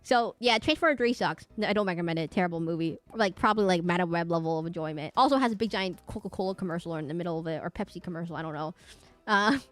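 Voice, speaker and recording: A woman's voice: fairly low pitch, fast talker, dry recording. Rambling woman streamer, dry close sound. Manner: rambling, digressive, chatty. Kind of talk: casual stream chat.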